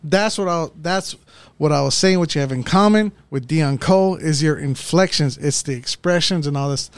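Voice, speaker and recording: A man's voice: a little high, moderate pace, smooth, dry recording. A man in casual chat who gropes for a word and then repeats it.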